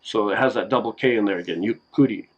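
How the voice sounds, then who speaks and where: A man casually explaining simple phrases in a home video lesson, relaxed and slow, with many fillers. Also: fairly low pitch, slightly rough, highs cut off.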